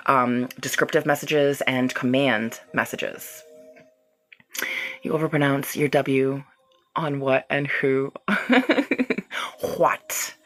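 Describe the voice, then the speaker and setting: During a livestreamed reiki healing session, the woman hosting addresses her audience directly, reads their comments aloud, and keeps things loose and chatty with frequent laughter. She has a very deep voice that is a bit bright.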